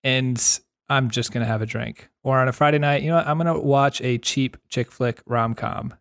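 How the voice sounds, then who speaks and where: A man co-hosting a podcast, talking in an enthusiastic, animated way. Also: medium pitch, moderate pace, vocal fry. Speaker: podcast co-host. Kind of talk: casual chat.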